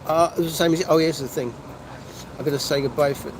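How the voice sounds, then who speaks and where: Older man, rambling livestream chat, slightly high voice, faint background hum. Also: fairly even intonation, brisk, low-quality recording. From North London. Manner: chatty, meandering, restarts mid-sentence. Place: motorway service station cafe. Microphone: phone.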